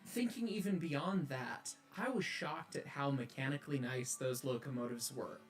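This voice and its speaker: A railway enthusiast recounts driving a steam locomotive, his story earnest, enthusiastic and full of detail. His voice sits at a medium pitch and moves at a normal speed, with faint music in the background.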